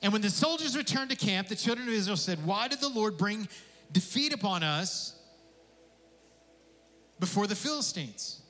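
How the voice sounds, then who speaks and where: A male pastor preaches in a lively, conversational way, tossing in jokes and casual asides. His voice sits high and rings bright. The sound carries a long reverb, as if it fills a large sanctuary. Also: normal speed, pauses often, faint music behind. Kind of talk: sermon.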